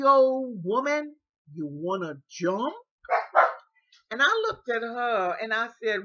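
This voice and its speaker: A woman's voice: mid-range voice, sharp tone, breathy edge, dull audio. An older woman telling a personal story, often repeating words and restarting, and acting out the speech of others.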